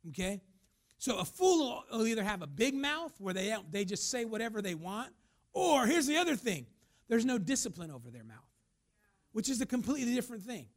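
A man's voice: extremely high pitch, sing-song, a little fast. A man preaching a sermon as pastor, emphatic, now and then acting out the voices of the people he talks about.

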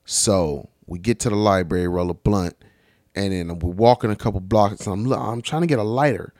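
A young man from California casually telling a story, animated and laughing, heavy on slang and swearing. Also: fairly low pitch, normal speed, no echo, clean studio sound. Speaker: vlogger.

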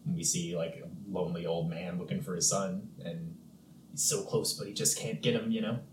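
A man with a low, mellow voice co-hosts a casual film podcast. He chats easily and now and then bursts into quick impressions of the characters. His voice sits in a roomy space with a faint hiss behind it. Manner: relaxed, chatty, acts out characters' lines in quick bursts. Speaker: podcast co-host.

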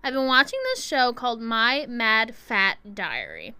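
Young woman, higher pitch, smooth crisp voice, playful chat. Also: sing-song, a little slow, sharp tone. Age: young adult. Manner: playful, laughs easily. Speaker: co-host. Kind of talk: casual chat.

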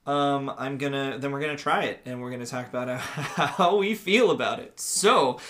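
Bright-voiced rambling podcast man. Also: mid-range voice, moderate pace, a little hiss or hum. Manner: rambling, lots of fillers, laughs easily. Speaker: podcast host. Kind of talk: casual podcast chat.

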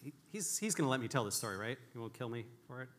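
A man tells stories from the stage in a candid, self-deprecating keynote talk. His voice is bright and forward, and his pitch sits in a middle range. He often restarts his sentences as he thinks aloud. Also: lively intonation, rapid-fire. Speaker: conference speaker.

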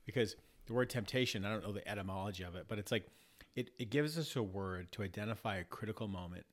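A man's voice: fairly low pitch, quick pace. A man talking in a casual podcast conversation, reflective, often restarting and repeating words as he works through ideas. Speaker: podcast guest.

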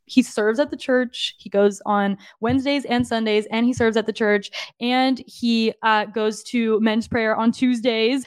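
A young woman with a slightly high voice tells her story in an earnest, confiding way, filling her talk with "like" and talking right to her listeners. The recording is close and dry, with no room sound. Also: fairly even intonation, a little slow, clear, resonant tone, no room sound. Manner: earnest and confiding, frequent "like", addresses listeners as "you guys". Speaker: podcast host and fitness coach. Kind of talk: personal testimony monologue.

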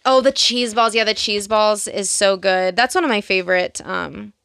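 A woman's voice: mid-range voice, moderate pace, vocal fry, fairly bright tone. A young woman co-hosting a podcast, casually retelling TV scenes with lots of "like" fillers. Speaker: podcast co-host. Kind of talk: casual chat.

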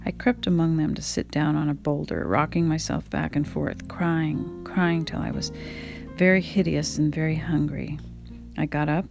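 A woman with a low, gravelly voice reads a memoir aloud at home at an easy pace. She drops into relaxed asides of her own between passages, while plucked guitar music plays clearly behind her. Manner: unhurried reading, breaks off to talk to her pet. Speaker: reader and podcaster. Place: home, indoors.

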